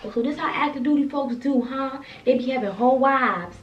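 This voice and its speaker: An animated young woman in her twenties tells a casual story time in an expressive, profane way. She sits away from the camera mic in a roomy space, so her voice sounds distant and echoey. The sound is a little dull, with faint noise underneath. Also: high-pitched, a little fast, few pauses. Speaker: soldier telling a story time.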